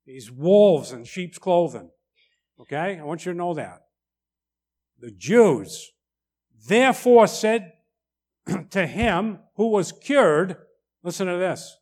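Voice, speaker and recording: A middle-aged man delivers a sermon with animated, emphatic preaching. His voice sits a little high for a man, and he keeps checking in with his listeners through short rhetorical asides. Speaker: pastor.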